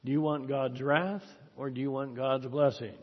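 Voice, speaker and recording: A man's voice: mid-range voice, fairly even intonation, normal speed, slightly rough. A man preaching a sermon that ends in prayer, with an earnest, exhorting manner. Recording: dull recording in a reverberant hall.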